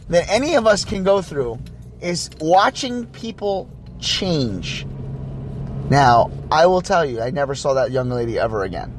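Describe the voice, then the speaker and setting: A man hosting a podcast, telling a dating story casually in an animated way, stumbling and restarting as he acts out the dialogue. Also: fairly high pitch, a little hiss or hum. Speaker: podcast host.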